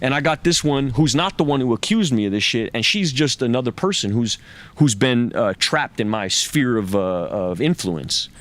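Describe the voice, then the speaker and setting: A man's voice: medium pitch, lively intonation, normal speed, a bit bright. Man telling a raw, profane story. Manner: raw, profane and intense, acting out the voices of others. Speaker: interview guest. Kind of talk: candid personal storytelling in a podcast interview.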